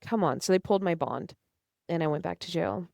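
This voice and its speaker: A young woman with a low voice tells her own story as a podcast guest. She is earnest and emotional and acts out past conversations. The sound is close and dry, with no room around it. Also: a little fast, gravelly, dark tone, no echo. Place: studio.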